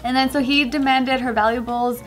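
A woman's voice: high-pitched, fairly even intonation, moderate pace, soft background music. A woman hosting a comedy podcast, chattily retelling a news story. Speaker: host.

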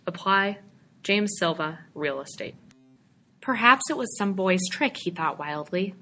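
A woman reading a story aloud in a measured, expressive narration. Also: lowish voice, a little hiss or hum. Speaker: reader.

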